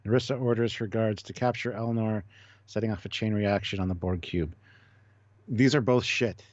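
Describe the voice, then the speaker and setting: A man co-hosting a casual live-stream chat, blunt and quick to swear, reading viewer comments aloud. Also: lowish voice, fairly even intonation, a little mellow, no room sound, highs cut off. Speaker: co-host.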